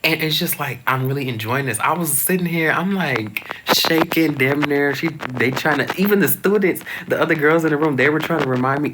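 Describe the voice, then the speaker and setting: A young man chatting casually to camera as a vlogger, expressive, swinging high and loud, and at times dropping to a soft whisper. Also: normal speed, background noise.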